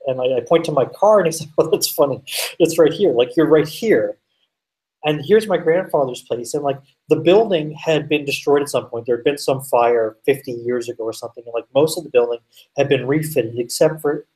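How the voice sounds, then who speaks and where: A man telling a story as a guest, animated, full of fillers and swearing. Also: a little high, fast talker, distant mic, low-quality recording. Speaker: podcast guest. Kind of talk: casual storytelling.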